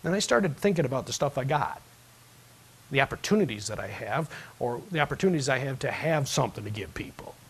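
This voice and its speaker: A man preaching a sermon as pastor, telling a story that swings from hushed to loud. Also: medium pitch, lively intonation, brisk, slightly rough, rough recording.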